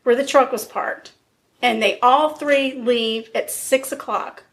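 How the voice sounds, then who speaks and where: A woman's voice: a little high, takes it slowly. Woman retelling a true-crime story. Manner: lively retelling with quoted dialogue. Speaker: podcast co-host and storyteller.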